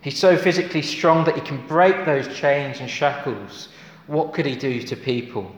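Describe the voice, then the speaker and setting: Guy preaching in church, earnest, keeps asking rhetorical questions, bit higher voice, lots of hall echo. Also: moderate pace. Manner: earnest, rising to emphatic exclamations; asks the congregation rhetorical questions. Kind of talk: sermon. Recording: echoey hall with long reverb.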